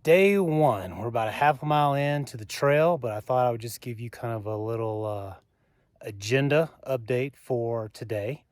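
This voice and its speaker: A man's voice: mid-range voice, darkish tone, dry recording. Chatty Southern man hiking outdoors. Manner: chatty, halting with fillers. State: out of breath on climbs. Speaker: hiker vlogger. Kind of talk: casual trail vlog. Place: outdoors on a mountain trail.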